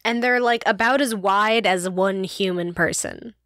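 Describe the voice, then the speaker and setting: A woman's voice: medium pitch, a little slow, a bit bright, no echo, studio quality. A woman co-hosting a casual book podcast, giggling often and using lots of fillers. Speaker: podcast co-host.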